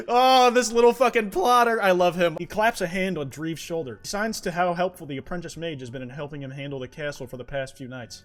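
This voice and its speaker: Guy with a sore throat speed-reading a dating game, kinda high voice, yelling and cussing at it. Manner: loud profane outbursts between readings. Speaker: streamer. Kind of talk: reading a dating sim aloud with live reactions.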